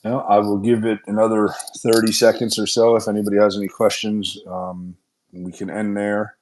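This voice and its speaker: A man's voice: on the low side, flat delivery, moderate pace, darkish tone. A man, a company executive, hosting a casual shareholder Q&A and talking in earnest, upbeat run-on sentences with frequent restarts. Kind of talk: casual conference-call Q&A.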